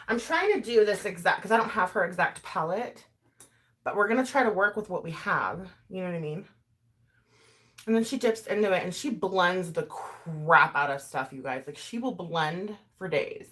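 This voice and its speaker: A chatty woman talks her way through a makeup tutorial. Her voice sits a little low but swings up and down a lot, and she rambles with fillers and asides. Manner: animated, swings in pitch and loudness. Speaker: YouTuber doing a makeup tutorial. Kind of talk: casual chat while doing makeup, talking to live chat.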